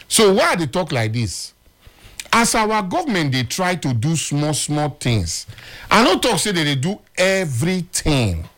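A man's voice: on the high side, a bit bright. A man with a Nigerian accent, a guest on a talk show, speaking in an emphatic, preachy way.

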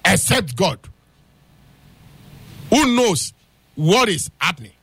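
A man's voice: high-pitched, slow, breathy edge. A man with a Nigerian Pidgin accent telling a real-life story, speaking straight to his listeners. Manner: animated, addresses listeners directly. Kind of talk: casual spoken storytelling.

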